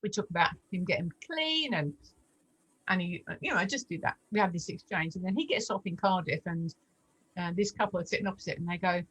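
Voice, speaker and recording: A woman in her forties telling her faith testimony in a lively, animated way, acting out the voices in her story. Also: brisk, husky, poor audio. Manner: animated storyteller, acts out dialogue with big pitch jumps. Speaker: guest sharing testimony. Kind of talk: storytelling testimony in a casual chat.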